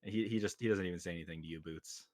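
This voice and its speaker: A man's voice: sits low, very fast, a little mellow. A man narrating a tabletop game as game master, hesitant, with frequent ums.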